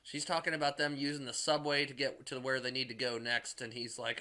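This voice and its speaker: A man recaps a movie in a loose, rambling way, with plenty of filler and profanity. His voice is bright and edged, sitting at a middling pitch. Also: level tone, fairly quick, few pauses. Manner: rambling, heavy on "like" and swearing. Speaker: movie reviewer.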